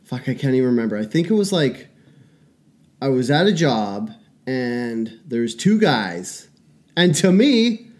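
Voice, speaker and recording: A man's voice: medium pitch, very animated, measured pace. A man in his forties, a podcast co-host in casual chat who tells stories with profanity and self-deprecating jokes.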